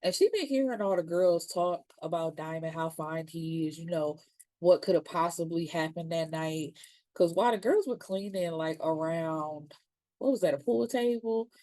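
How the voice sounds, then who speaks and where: Chatty slangy woman with a low, mellow voice. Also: normal speed, dry recording. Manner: chatty and slangy, acts out characters' lines. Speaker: TV series reviewer. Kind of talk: casual episode recap.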